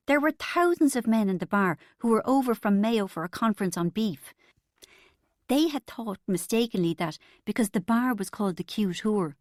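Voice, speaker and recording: A woman's voice: mid-range voice, darkish tone, no room sound, studio quality. A woman reading a comic novel aloud as an audiobook narrator, in a wry storytelling manner.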